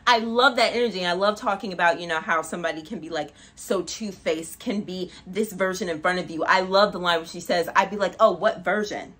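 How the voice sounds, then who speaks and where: A woman hosting a music reaction video, talking in a casual, chatty way full of "like" and quick laughs. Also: lowish voice. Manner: chatty, animated, frequent "like" and laughs. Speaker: music reaction channel host.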